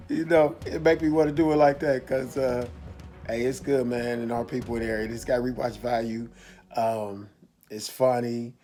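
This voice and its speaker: A man's voice: medium pitch, steady tone, normal speed, mellow, faint music behind. Rambling man reviewing a movie. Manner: rambling, repeats himself, restarts a lot. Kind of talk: casual video review.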